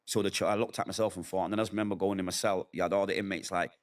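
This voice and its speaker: A man's voice: low-pitched, steady tone, rapid-fire. A middle-aged man telling his own hard story in an interview, candid and emotional, acting out what people said. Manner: candid, emotional storytelling with vivid acted quotes. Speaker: interview guest. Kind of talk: personal testimony in a sit-down interview.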